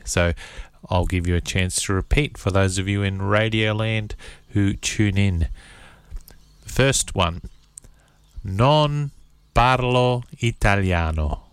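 Very slow deliberate male radio host. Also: low voice, little pitch movement, clean tone, no room sound. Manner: spells out phrases word by word for repetition. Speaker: radio host teaching phrases. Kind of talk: slow language-lesson delivery.

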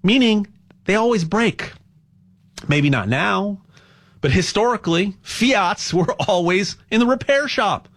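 A man hosting a casual promotional monologue, rambling and animated, stumbling over frequent restarts as he urges listeners to buy gold. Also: sits high, measured pace. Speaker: host pitching gold buying.

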